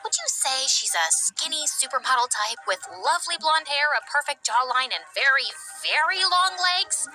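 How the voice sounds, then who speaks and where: A woman voicing a chatty, clumsy young hacker who narrates her own story in an animated cartoon. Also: sits high, moderate pace, hardly any pauses, soft background music, heavily acted, poor audio. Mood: teasing. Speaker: narrator and lead character.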